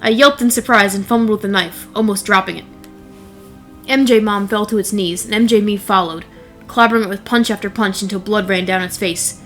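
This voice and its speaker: A young woman narrates a first-person horror tale with a wry, blunt delivery and casual profanity. Her voice sits in a middle register, and soft music plays underneath. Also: mid-range voice, steady tone, fairly quick.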